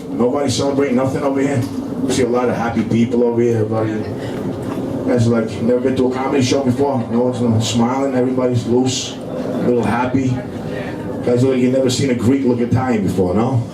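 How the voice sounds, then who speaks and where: Streetwise New York comic in an echoey club. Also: male voice, medium pitch, far from the mic. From Brooklyn, New York. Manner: rambling, streetwise, full of "you know". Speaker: stand-up comedian. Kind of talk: stand-up comedy set. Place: comedy club in front of a live audience. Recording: echoey club room with noisy ambience.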